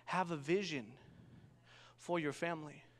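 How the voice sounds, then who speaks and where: A young male pastor preaches in an animated storytelling style, often asking his listeners for an amen. His voice sits fairly high for a man. The sound carries a long reverb from a large church hall. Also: measured pace. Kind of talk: sermon.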